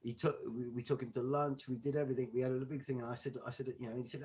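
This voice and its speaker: A man, a glass maker, delivering an angry, sweary political rant to his viewers with halting restarts. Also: mid-range voice, little pitch movement, a little mellow. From England.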